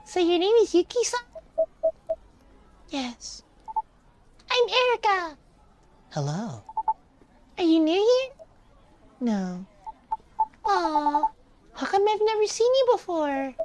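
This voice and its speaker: A high, bright little girl of about nine, shy and quick to doubt herself, as a woman puts on a kid voice. Her lines bounce up and down in pitch. A steady hiss of noise sits under the recording. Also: exaggerated voice. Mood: cheerful. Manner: high childlike voice, timid and self-doubting.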